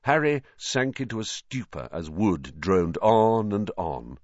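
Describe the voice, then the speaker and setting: A man's voice: fairly low pitch, slow, no echo, muffled recording. A man narrating an audiobook expressively. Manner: expressive storyteller voicing every character.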